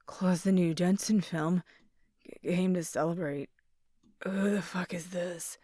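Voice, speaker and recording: A woman's voice: lowish voice, steady tone, slightly rough, no room sound. A woman plays a hammered, belligerent man, slurring and dragging his words as he barks them out. The audiobook reading is close and dry. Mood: drunken, belligerent. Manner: slurred, slow, shouting. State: drunk. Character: drunk angry man, slurring, belligerent ex-husband.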